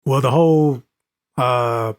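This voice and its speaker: A man's voice: mid-range voice, takes it slowly, smooth, dry recording, studio quality. A man co-hosting a podcast, adding brief comments in casual chat. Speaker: podcast co-host.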